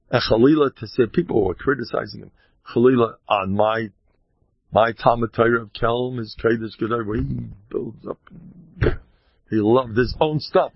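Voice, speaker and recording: A gravelly, slightly rough, medium-pitched male voice rambles through an informal Torah talk as a rabbi. He mock-boasts with wry sarcasm, keeps breaking off into asides, and mixes in Hebrew and Yiddish terms. There's no room sound, and the recording is dull and lo-fi.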